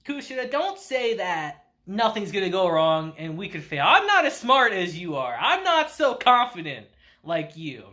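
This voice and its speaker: A nervous, hot-tempered teen schoolgirl who whines and picks fights, with a man doing the voice. The tone is bright and edgy and the pitch jumps around wildly. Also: very animated, normal speed, heavily acted. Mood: upset. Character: nervous, fiery teenage schoolgirl.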